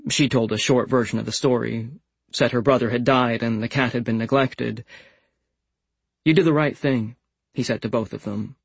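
A man reading a literary audiobook in a calm, understated way. His voice is husky, with a gravelly fry at the ends of phrases. The sound is close and completely dry. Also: mid-range voice, a little fast, no room sound, low-quality recording. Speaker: audiobook narrator. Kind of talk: scripted literary narration.

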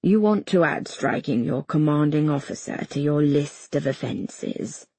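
A cold, commanding army colonel, put on by a woman reading the book, speaks low and slow, almost purring his orders. His quiet voice stays controlled and steady. It sits close and dry with no room around it. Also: creaky, husky, no echo, full character voice. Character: stern middle-aged male army colonel, cold and commanding.

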